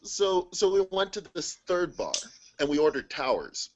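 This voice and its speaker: A man with a slightly high voice tells a rowdy story over a group video call. He is animated and laughs often, acting out each person he quotes. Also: normal speed, muffled recording. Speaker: guest.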